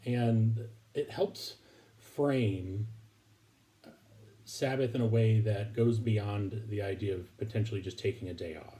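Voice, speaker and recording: Low, mellow-voiced man teaching scripture. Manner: halting, many fillers and restarts. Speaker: preacher. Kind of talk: recorded online Bible lesson.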